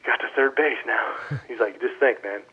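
A man who used to play pro baseball is telling stories on the line, with a lot of energy and quoting old teammates. His voice has a normal middle pitch. It comes through a thin, tinny phone connection. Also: normal speed, slightly rough. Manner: animated anecdotes, quoting others in voices. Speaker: former baseball player, guest. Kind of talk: casual storytelling interview.

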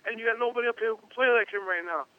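A furious baseball general manager yells his case in a raised, strained, high voice, as a man puts him on. He is blunt and profane, and the recording sounds dull and lo-fi. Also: racing. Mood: heated. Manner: heated, insistent, profane.

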